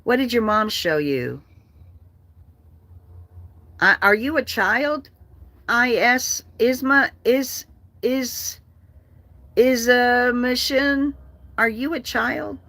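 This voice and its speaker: A woman's voice: fairly high pitch, very slow, pauses often, pushed and bright, dry recording. An older woman hosting a casual livestream, ranting bluntly and with swearing while reading out comments from viewers. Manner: blunt, profane, ranting, reads comments aloud. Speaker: livestream host.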